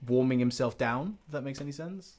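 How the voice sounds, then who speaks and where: A man's voice: medium pitch, fairly quick, darkish tone. A man narrating as game master of a tabletop game, rambling with filler words.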